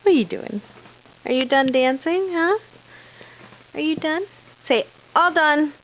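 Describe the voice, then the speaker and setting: A woman's voice: high voice, expressive, unhurried, narrow, tinny audio. A mother filming her toddler at home, coaxing her in sing-song baby talk. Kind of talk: home video.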